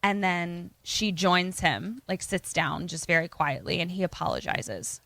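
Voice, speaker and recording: A woman co-hosting a podcast, casually retelling a film plot in an animated way and acting out the characters' lines. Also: on the low side, a little slow, vocal fry, no echo. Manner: animated, acts out quoted lines. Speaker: podcast co-host.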